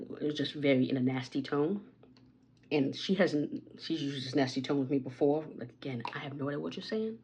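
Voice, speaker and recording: Gravelly-voiced woman chatting a rambling storytime. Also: low voice, darkish tone, highs cut off, a little hiss or hum. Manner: chatty, rambling storytelling with asides about her makeup. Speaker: vlogger. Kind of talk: casual get-ready-with-me storytime. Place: at home.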